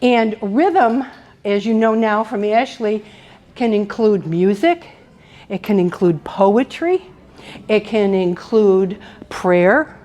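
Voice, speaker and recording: A woman's voice: mid-range voice, slow pace, muffled recording. A woman teaching a dementia care workshop, telling stories, acting out quotes and laughing often. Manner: animated storyteller, acts out quotes, laughs often. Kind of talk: workshop presentation. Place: indoor workshop room.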